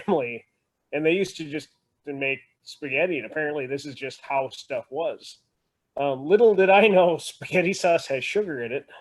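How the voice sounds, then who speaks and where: A man chatting casually in a group call, telling family stories and laughing often. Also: a little high. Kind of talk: casual group video chat.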